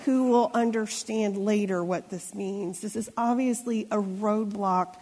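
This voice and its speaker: A woman's voice: medium pitch, a little slow, a little mellow. A middle-aged woman pastor preaching a sermon in a church, talking in a conversational way and often asking the congregation questions. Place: church sanctuary. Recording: long church reverb.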